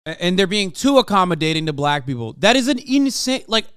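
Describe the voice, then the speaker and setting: A man's voice: high voice, sing-song, brisk, fairly bright tone, clean tone, no echo, studio quality. A young man streaming, reacting to clips with sarcastic, profane commentary and bursts of laughter. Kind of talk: casual livestream commentary.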